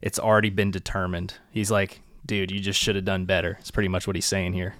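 A man's voice: deep voice, little pitch movement, fast talker, a bit bright, no room sound, clean studio sound. A young man co-hosting a podcast, casually recapping an anime episode and thinking aloud. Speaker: podcast co-host.

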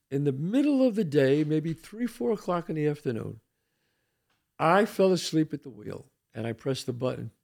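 A man's voice: on the high side, vocal fry, dark tone. An older man hosting a talk show, telling a personal story in a casual, streetwise way, full of asides to his co-host. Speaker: podcast host.

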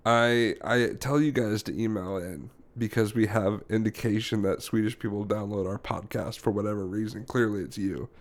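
A man hosting a podcast in casual chat, playful and full of quick questions. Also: lowish voice, fairly even intonation. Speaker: podcast host.

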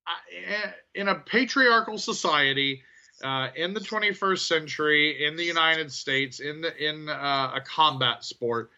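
A man co-hosting a podcast, talking through his thoughts on wrestling in a thoughtful, hesitant way with many pauses. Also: on the high side, pushed and bright, highs cut off. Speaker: podcast co-host. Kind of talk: casual wrestling review chat.

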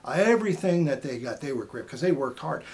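A man's voice: mid-range voice, quick pace. A middle-aged man from Maine, a former TV hunting show host, telling stories casually as a podcast guest and acting out the voices of the people in them. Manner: animated storyteller who acts out quoted voices. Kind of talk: casual storytelling.

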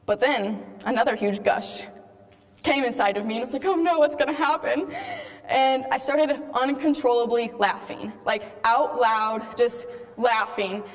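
A young woman telling an earnest faith testimony to a live audience, casual in tone with many "like"s. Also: a little high. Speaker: speaker giving a faith testimony. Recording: long hall reverb.

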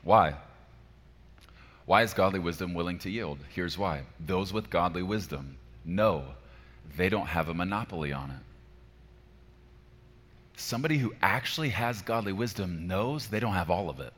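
Male pastor, forties, low voice; emphatic sermon delivery that swings soft to loud, long reverb of a large hall. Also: moderate pace, pauses often.

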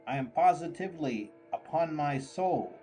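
A man voicing a fussy, kindly old gentleman who talks effusively and theatrically. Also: a little high, expressive, moderate pace, faint music behind, lightly acted, low-quality recording.

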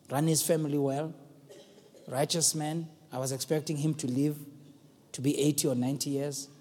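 A South African man preaching a sermon as pastor, earnest and building to emphatic shouts. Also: on the high side. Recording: long hall reverb.

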